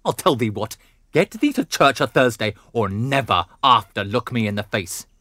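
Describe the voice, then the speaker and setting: A man playing a furious, domineering noble father in a classical drama, blustering between growls and shouts. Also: medium pitch, animated, moderate pace, dry recording, studio quality. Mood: raging.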